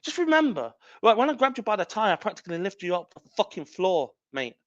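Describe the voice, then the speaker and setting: A man's voice: sits high, big pitch swings, fast, a bit bright, dry recording, dull audio. A man, a wrestling champion cutting an angry, profane, taunting promo as a podcast guest.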